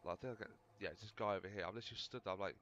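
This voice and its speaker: Low-voiced guy chattering fast over a game he's playing, bit of hiss, kinda overdriven mic. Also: fairly bright tone, highs cut off. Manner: rambling, chatty, self-mocking. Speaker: gaming video host. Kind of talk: casual gameplay commentary.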